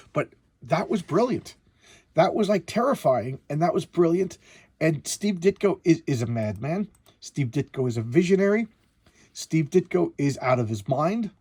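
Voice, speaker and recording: A man with a hoarse voice reviewing comic books in casual, rambling commentary, stumbling over restarts. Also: fairly high pitch, a little mellow.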